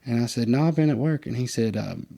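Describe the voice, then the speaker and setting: Male podcast host, conversational and animated, mid-range voice. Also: fast talker, gravelly. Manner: animated storyteller, acts out quotes in a higher voice. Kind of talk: casual storytelling chat.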